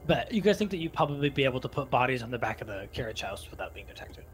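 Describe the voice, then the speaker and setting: A man running a tabletop game as game master, explaining rules at a relaxed pace with many fillers. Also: medium pitch, very fast, soft background music, low-quality recording. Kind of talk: narrating a tabletop game over voice chat.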